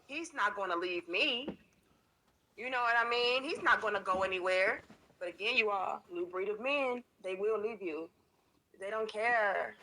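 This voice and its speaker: A woman's voice: medium pitch, normal speed, bright, forceful tone, a little hiss or hum, rough recording. A woman giving chatty, knowing casual commentary.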